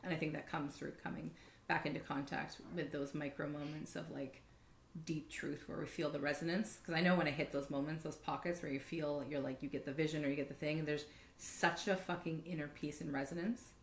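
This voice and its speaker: A woman with a notably low voice chats on a podcast and tells stories with lively swearing and plenty of "like"s. The sound is roomy and echoey. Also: a little fast, gravelly, slight background noise. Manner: animated storyteller, swears freely, many fillers. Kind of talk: casual podcast conversation.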